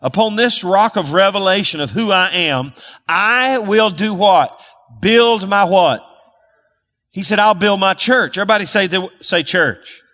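A high, bright-toned male pastor delivers a sermon, often asking the congregation to repeat words back to him. His speech is loose, with restarts and fillers. His voice rings with a long hall reverb. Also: unhurried. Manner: calls for audience responses, restarts and fillers.

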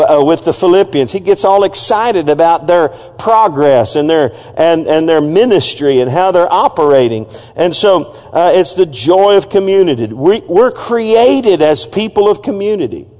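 A man preaching a sermon in a slightly high voice, leading call-and-response with the congregation and pressing each point with emphatic asides. His voice rings out with a long hall reverb, as in a church sanctuary. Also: darkish tone. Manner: call-and-response, urging the congregation to repeat phrases. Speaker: pastor.

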